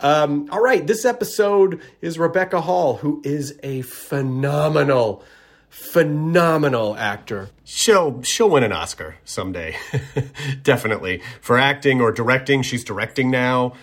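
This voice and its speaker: A man's voice: medium pitch, animated, unhurried. A man from Tennessee hosting his own podcast, talking in a rambling, self-correcting, friendly way. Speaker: podcast host. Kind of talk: casual podcast intro.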